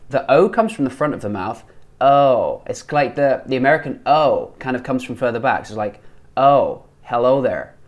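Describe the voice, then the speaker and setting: British bloke casually going over accents, keeps repeating sounds to demo them. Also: male voice, mid-range voice, fast, few pauses. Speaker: vlogger coaching accents. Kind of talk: casual video commentary.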